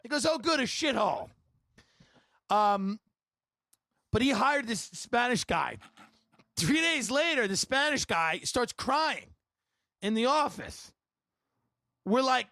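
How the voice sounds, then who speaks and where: A man hosting a podcast, telling comedic stories in an animated, rambling way and laughing between lines. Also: very high voice, no room sound. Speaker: podcast host. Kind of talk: comedic storytelling.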